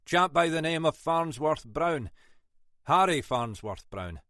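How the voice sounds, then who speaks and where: A shrewd Scottish detective inspector, as a male narrator plays him, asking pointed questions in a lively, rising and falling voice. He speaks slowly and drily, close and clear. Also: on the high side, no echo, pitched above the performer's own voice. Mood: polite, coaxing. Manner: dry, probing, quietly commanding.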